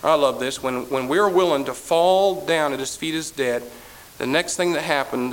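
Male preacher mid-sermon, fervent and repetitive, fairly high voice. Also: normal speed, poor audio. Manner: impassioned, repetitive, swelling to loud peaks then dropping low.

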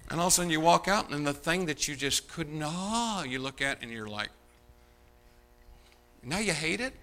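A man preaching a sermon as pastor, animated and mocking, swinging between loud outbursts and hushed asides. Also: fairly high pitch, moderate pace, slight background noise.

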